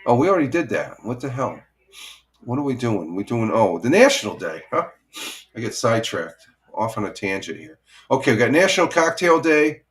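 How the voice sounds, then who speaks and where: A middle-aged man hosting a casual morning stream talks briskly in a mid-range voice with big swings in pitch. He rambles, restarts often, chuckles, and welcomes viewers by name.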